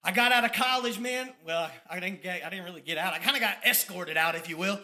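A man, giving a fired-up testimony sermon about his ministry, at times dropping to soft reflective tones. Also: high-pitched, fast talker. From Tampa, Florida. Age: 30s.

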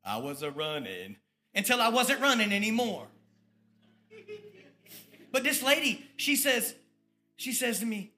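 High, bright-voiced man preaching testimony. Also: sing-song, measured pace, pauses often, soft background music. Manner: swings between loud bursts and hushed, low confessions; storytelling with acted-out quoted voices. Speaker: preacher giving his testimony. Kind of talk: sermon testimony.

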